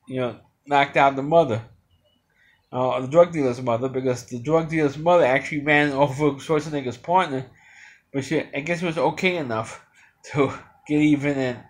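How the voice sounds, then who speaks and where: A man giving an unscripted movie review, rambling along with many restarts and fillers. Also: mid-range voice.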